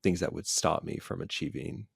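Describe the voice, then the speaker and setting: Low-pitched, creaky and a little rough, this man talks at a moderate pace in studio-quality audio with no room echo. As a psychiatrist and busy parent guesting on a laid-back podcast, he's loose and stuffs his speech with "like."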